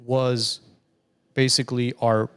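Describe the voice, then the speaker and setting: A man's voice: mid-range voice, flat delivery, slow pace, a bit bright, a little hiss or hum. A man in his late thirties, co-hosting a podcast and telling stories in a chatty way with many restarts. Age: 30s. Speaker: podcast co-host. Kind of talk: casual chat.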